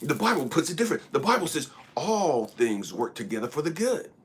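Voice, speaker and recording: Husky, profane man preaching bluntly. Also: on the high side, sing-song, fairly quick. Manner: profane, preachy, drops into whispers for emphasis. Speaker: spiritual speaker. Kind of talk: blunt spiritual monologue.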